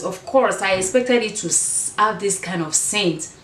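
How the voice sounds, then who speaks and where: A woman's voice: mid-range voice, normal speed, a bit bright. A woman with an African accent, chatting casually to camera as a fashion and beauty vlogger, meandering and restarting her sentences. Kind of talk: casual vlog chat to camera. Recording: echoey room, mic at a distance.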